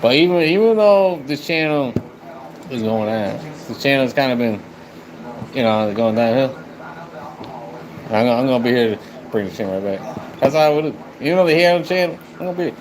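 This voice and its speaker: A man's voice: mid-range voice, brisk, long pauses, a little mellow. A man chatting on a live stream, rambling and swearing as he talks to his viewers. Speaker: livestreamer. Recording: noisy background.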